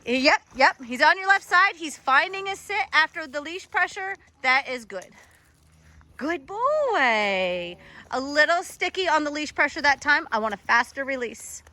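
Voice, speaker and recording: A woman's voice: high-pitched, very animated, a little slow, bright, forceful tone. A woman dog trainer coaching a trainee in an encouraging, instructive way.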